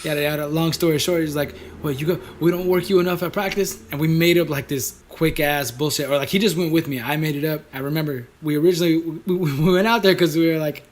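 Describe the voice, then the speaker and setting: Talking fast with hardly a pause, a young man with a fairly high voice co-hosts a podcast. He chats casually and tells animated stories full of slang, acting out quotes.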